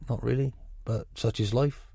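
A man's voice: medium pitch, steady tone, normal speed, gravelly, warm tone, husky, dry recording. Frank Gloucestershire man, dry close sound. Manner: frank, chatty, many restarts. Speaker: football manager. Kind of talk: radio interview.

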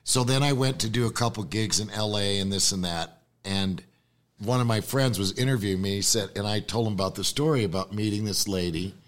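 A man's voice: fairly low pitch, a little fast. A man guest telling a story in a casual, rambling way, jumping back and forth in time.

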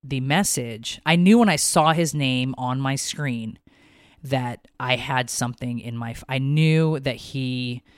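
A woman's voice: a bass voice, unhurried, no room sound, studio quality. A woman in her thirties, co-hosting a podcast, tells a story casually and with feeling, swearing freely as she goes. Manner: emotional, swearing, animated retelling. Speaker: podcast co-host.

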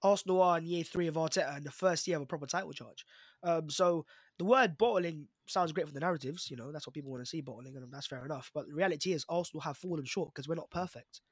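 A man's voice: a little high, dry recording, clean studio sound. A young man with a London accent arguing emphatically in a casual football podcast debate. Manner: fast, emphatic, argumentative. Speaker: podcast panelist, Arsenal fan.

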